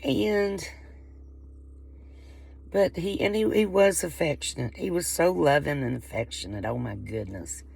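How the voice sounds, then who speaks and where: A woman's voice: sits low, measured pace, creaky, pauses often, darkish tone, breathy edge. A woman with a Southern Appalachian accent who chats casually to the camera, rambling and folksy and often breaking off her own sentences. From Appalachian coal country, US. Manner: rambling, folksy, interrupts herself. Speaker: vlogger.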